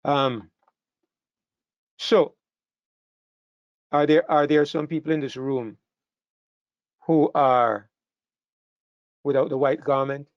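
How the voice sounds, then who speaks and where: A man's voice: a little high, takes it slowly, long pauses, dry recording. Earnest male preacher, dull dry sound. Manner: earnest, repeats phrases, rises to emphatic peaks. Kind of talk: sermon to a congregation. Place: church hall with a live congregation.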